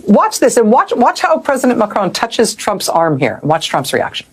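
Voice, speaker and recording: A woman's voice: a little high, huge pitch swings, moderate pace, a little hiss or hum. A woman hosting a news show, giving sardonic, incredulous commentary.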